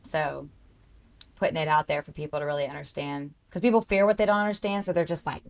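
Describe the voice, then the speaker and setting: A woman's voice: deep voice, fairly even intonation, fast. A woman therapist co-hosting a casual podcast, explaining things earnestly and keen to teach, over a video call.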